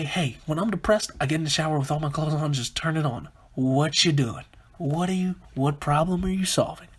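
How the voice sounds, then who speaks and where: A man's voice: mid-range voice, husky. A man hosting a comedic solo podcast, rambling and interrupting himself as he jokes. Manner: rambling, self-interrupting, jokey. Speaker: podcast host.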